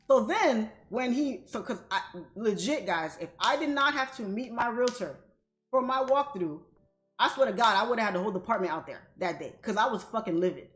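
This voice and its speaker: A woman's voice: fairly high pitch, fairly quick, faint music behind. Indignant woman telling a story, echoey room. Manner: animated, indignant, profane. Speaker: livestream trading host. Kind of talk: casual storytelling to viewers.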